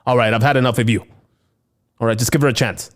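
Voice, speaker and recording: A man's voice: mid-range voice, fairly even intonation, quick pace, lightly acted. A man voicing a goofy, defensive middle-aged dad who blusters and jokes at his kids. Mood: blustering. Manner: blustering, joking, exaggerated.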